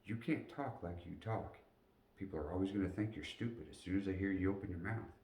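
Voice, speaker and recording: A man's voice: low voice, brisk, darkish tone. A man voicing a stern but caring male Army sergeant who gives firm advice, recorded with roomy echo from a distant mic. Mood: blunt. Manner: firm, instructive.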